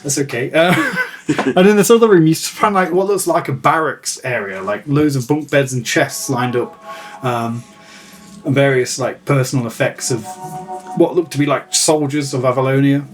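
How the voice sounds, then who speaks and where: A man's voice: medium pitch, moderate pace, faint music behind. A man running a tabletop game as game master, describing scenes in a chatty, filler-heavy way. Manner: chatty, filler-heavy narration with many likes and ums.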